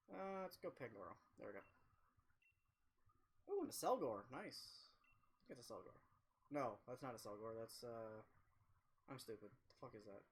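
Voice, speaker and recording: Profane, rambling young male streamer. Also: mid-range voice. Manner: rambling, profane, self-mocking. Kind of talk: casual storytelling during a game livestream.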